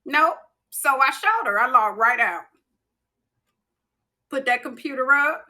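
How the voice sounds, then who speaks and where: A woman's voice: high-pitched, lively intonation, a little slow, pushed and bright. A woman co-hosting a podcast, telling stories in emphatic casual chat. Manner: emphatic, storytelling. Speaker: podcast co-host.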